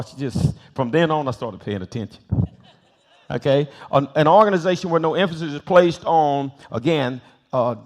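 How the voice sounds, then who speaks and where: A man's voice: mid-range voice, darkish tone. An older man, a bishop and pastor, teaching a Bible study in sermon style, telling stories, acting out quoted voices and repeating phrases for emphasis. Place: church sanctuary.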